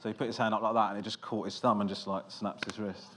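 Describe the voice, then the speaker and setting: A comedian in a casual interview, telling stories in a dry, self-mocking way with lots of "uh" and restarts. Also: male voice, fairly low pitch, flat delivery, fast, a bit bright. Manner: dry self-deprecating storytelling with fillers. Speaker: comedian guest.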